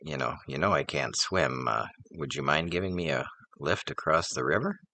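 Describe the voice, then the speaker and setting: A man's voice: very deep voice, moderate pace, sharp tone, slight background noise, heavily acted. A man voicing a sly male scorpion who sweet-talks in a casual, coaxing way.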